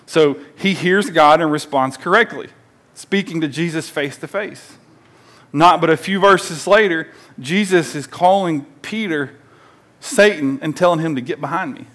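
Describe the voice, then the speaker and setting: Lively conversational male pastor preaching. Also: on the high side, a little slow. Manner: animated, conversational preaching with call-and-response. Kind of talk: sermon.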